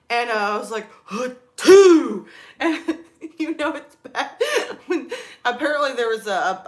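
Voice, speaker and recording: A young woman chatting on her live stream, telling stories with quick laughs. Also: fairly high pitch, sharp tone. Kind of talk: casual live stream chat.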